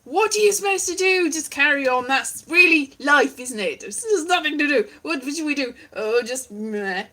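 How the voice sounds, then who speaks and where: Woman vlogger, high bright voice, wry rambling monologue. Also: expressive, normal speed, hardly any pauses. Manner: wry, self-deprecating, meandering. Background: strummed guitar.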